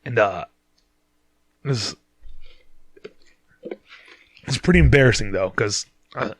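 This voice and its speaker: A man's voice: on the low side, slow pace, breathy edge, no echo. A man hosting a podcast, telling a rambling, profane story in casual chat and laughing at himself. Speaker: podcast host.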